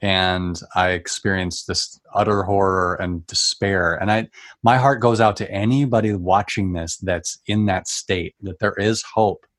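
Earnest low-voiced man, dry close sound. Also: steady tone, fairly bright tone, no room sound. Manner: emotional, earnest, halting with restarts. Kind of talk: Christian testimony in conversation.

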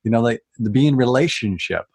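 A man sharing a personal faith testimony in conversation, earnest and emotional, often halting and restarting as he speaks. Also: medium pitch, expressive, darkish tone, husky, dry recording.

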